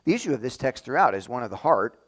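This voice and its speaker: A man's voice: medium pitch, sing-song, quick pace. A man giving a sermon in a conversational teaching way, explaining his point step by step to a congregation. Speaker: pastor.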